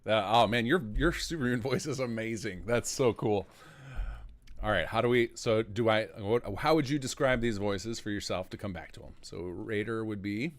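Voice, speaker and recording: A man's voice: on the low side, normal speed. A man hosting a modding livestream, chatting casually and enthusiastically with his guest. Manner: enthusiastic, organizing. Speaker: stream host, game modder.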